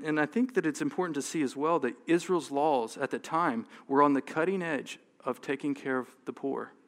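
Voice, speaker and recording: A man's voice: medium pitch, fairly bright tone. A man preaching a sermon in a conversational way, often restarting words and laughing lightly. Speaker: pastor. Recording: long hall reverb.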